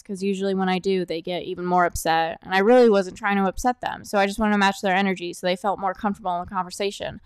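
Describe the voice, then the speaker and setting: A young woman talks through her solo podcast in a blunt, jokey, animated way, her voice smooth and clean. She keeps shifting around the microphone, so she swings between close and a bit farther off in a dry room. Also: mid-range voice, quick pace, few pauses, no echo. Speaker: podcast host. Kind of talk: casual solo podcast monologue. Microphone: desk microphone, voice drifting near and far.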